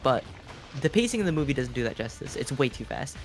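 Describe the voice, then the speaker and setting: A man casting a live strategy game, chatty and quick with asides. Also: mid-range voice, big pitch swings, soft background music. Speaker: esports caster.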